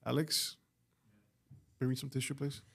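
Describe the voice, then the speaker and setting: Guy hosting a podcast, mid-pitched voice, short quiet questions. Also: little pitch movement, unhurried, creaky, slightly rough. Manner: brief prompting questions and quiet backchannels. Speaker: podcast host. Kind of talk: interview questions.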